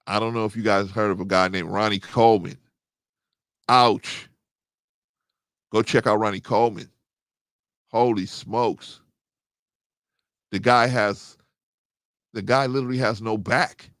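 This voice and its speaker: A middle-aged man, hosting a casual livestream, reading chat and getting animated as he agrees. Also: no room sound, studio quality. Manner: animated, rising to excited high pitch when agreeing. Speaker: host.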